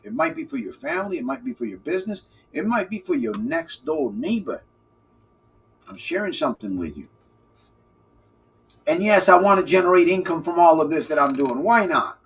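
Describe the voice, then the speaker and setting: A man hosting a live podcast as a recovery coach, talking casually to his chat in an animated, playful way and repeating phrases for emphasis. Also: a little high, moderate pace, slight background noise. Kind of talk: live-stream talk, answering chat.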